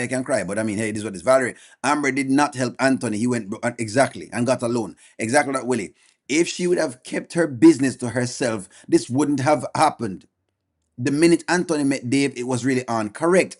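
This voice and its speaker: A man hosting a live reaction stream, bluntly addressing viewers by name and repeating his points for emphasis. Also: medium pitch. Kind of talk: casual commentary.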